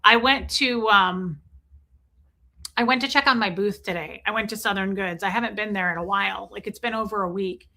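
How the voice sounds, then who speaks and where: Her voice sits at medium pitch and her pace is moderate as this live streamer spins a casual, animated story. Every so often she turns aside to greet viewers in chat.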